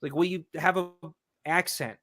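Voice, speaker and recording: An American man chatting, his voice bright and forward, recorded close and dry. He talks in an animated way and mocks voices as he quotes them. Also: on the high side, normal speed, dry recording. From United States. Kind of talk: casual chat.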